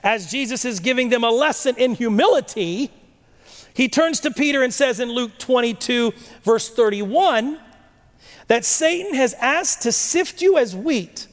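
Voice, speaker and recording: A man preaching a sermon, reading scripture slowly and breaking in with lively rhetorical questions. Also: very high-pitched. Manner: animated, rhetorical questions, dramatic slow readings. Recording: long echo of a large hall.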